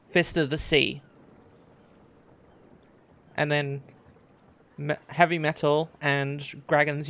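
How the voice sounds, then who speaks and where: This game master's voice is a little high, gravelly and a bit bright. He describes a tabletop pirate adventure hesitantly, leaning heavily on fillers like "um" and "like."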